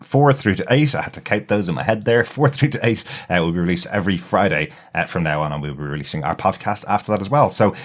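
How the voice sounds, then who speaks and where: A man's voice: sits low, fast talker, few pauses. A man hosting a podcast in casual chat, talkative, laughing often and filling gaps with "uh". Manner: chatty, laughs often, frequent "uh" fillers. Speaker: podcast host.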